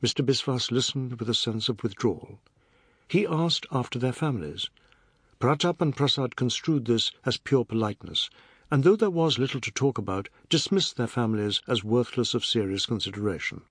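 A man narrating a novel as an audiobook in a measured, expressive reading. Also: medium pitch, breathy edge, no room sound, studio quality.

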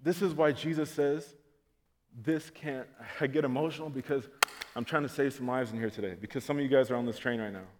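A man preaching a sermon to his congregation, telling comic stories and acting out scenes, swinging from loud to quiet. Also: medium pitch, fairly even intonation, brisk, long reverb tail, slight background noise. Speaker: pastor. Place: church auditorium, on stage.

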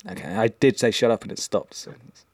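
A man's voice: on the low side, fast talker, a little mellow, no room sound. A man co-hosting a podcast in casual chat, rambling and hesitant with lots of um and uh. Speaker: podcast co-host.

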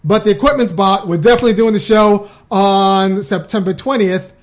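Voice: medium pitch, fairly even intonation, moderate pace. A talk show host on a live stream, chatting loosely with viewers and often breaking off to restart a thought.

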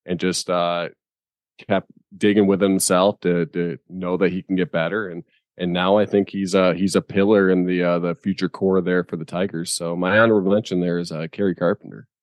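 A deep-voiced man co-hosts a relaxed sports podcast and talks in an easygoing way. He is quick to agree and laughs easily. His voice sounds dry and close to the mic. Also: dry recording. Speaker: podcast co-host. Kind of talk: casual sports chat.

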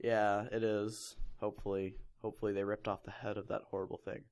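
A man's voice: lowish voice, flat delivery, fairly quick, darkish tone. A young man reading a fan fiction aloud in a casual comedic chat, mocking it and laughing often. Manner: mocking, laughs often, puts on silly voices for quotes.

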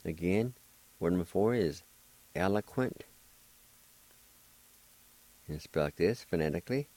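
A man's voice: low voice, animated, unhurried, darkish tone, rough recording. A man teaching a language lesson, spelling and pronouncing words syllable by syllable in a patient, encouraging way. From Oklahoma. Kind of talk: slow spelling and pronunciation lesson.

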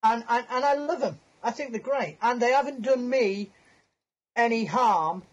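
A man's voice: very high-pitched, normal speed. A man, a podcast guest on a video call, telling a long anecdote in a chatty, self-mocking way and laughing through his story. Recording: muffled lo-fi call audio.

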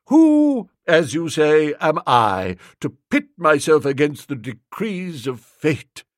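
Male reader doing an old storybook lord, higher pitched, slow and doddery, sentimental. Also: very animated, no echo, clean studio sound. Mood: moved.

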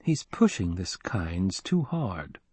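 An earnest, watchful young heir, as a male audiobook reader puts him on, his voice lifted above the reader's low, husky tone. The recording is close and dry. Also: sing-song, takes it slowly, a little mellow, no echo, heavily acted. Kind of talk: audiobook character reading.

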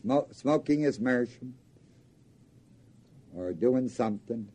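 A man's voice: medium pitch, expressive, slow pace, warm tone, husky. A man preaching a sermon in a folksy, joking way, often quizzing his congregation with questions.

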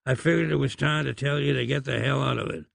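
A man voicing a gruff Old West sheriff with a gravelly, croaking voice and curt, threatening delivery. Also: mid-range voice, fairly even intonation, fast talker, a bit bright, no echo, studio quality.

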